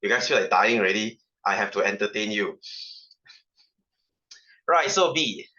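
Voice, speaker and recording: Joking Malaysian tutor with a bright voice. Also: male voice, lowish voice, lively intonation, moderate pace, dull audio. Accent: Malaysian English. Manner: chatty, joking, full of "right?" asides. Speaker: science tutor. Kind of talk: casual online science lesson.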